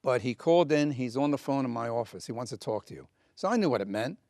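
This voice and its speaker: A man's voice: medium pitch, lively intonation, quick pace, darkish tone, no echo, clean studio sound. An older man, a comedian, recalling old stories earnestly in an interview and acting out the dialogue. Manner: earnest storyteller with quoted dialogue. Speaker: comedian guest. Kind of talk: interview reminiscence.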